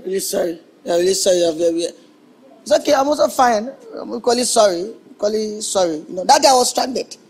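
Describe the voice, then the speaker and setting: Brash young Nigerian repairman, high voice, taunting and repetitive. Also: animated, fast talker, slightly rough, rough recording. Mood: mocking. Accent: Nigerian English. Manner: mocking, indignant, stammering repetitions. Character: brash young male electrician, taunting and touchy. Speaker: electrician. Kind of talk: film acting.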